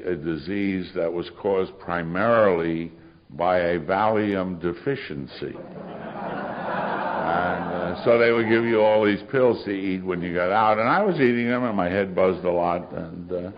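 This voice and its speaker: Very deep-voiced older man, wry storyteller. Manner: wry, sardonic storytelling with dry humor. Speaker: AA speaker. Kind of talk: recovery story talk. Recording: muffled recording of a live talk.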